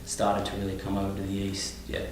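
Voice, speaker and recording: A man with an Australian accent, a touring singer-songwriter, chatting in a relaxed, rambling way with many fillers. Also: deep voice, fast, a little hiss or hum. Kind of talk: casual interview. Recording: echoey room, mic at a distance.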